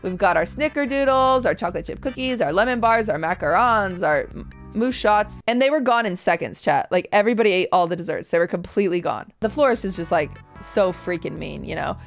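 A young woman streamer casually telling a story to her chat, animated and exasperated, swearing freely. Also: mid-range voice, fairly quick, soft background music.

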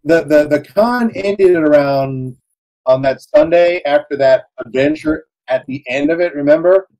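A man's voice: a little high, big pitch swings, normal speed, creaky, mellow, low-quality recording. A man hosting a podcast who tells a rambling anecdote, full of fillers, in casual chat. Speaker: podcast host.

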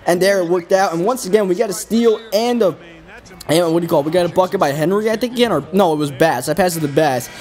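A man's voice: sits high, fast talker, darkish tone, soft background music. A man hosting a gaming video, giving casual, rambling play-by-play commentary with an exasperated, self-critical tone.

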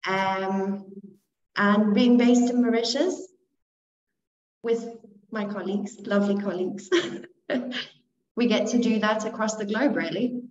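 Slow-spoken woman from Zimbabwe, echoey. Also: medium pitch, steady tone, a little mellow. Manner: slow and measured, giggly. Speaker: financial adviser, co-presenter. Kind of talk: online webinar presentation. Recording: echoey, dull lo-fi room.

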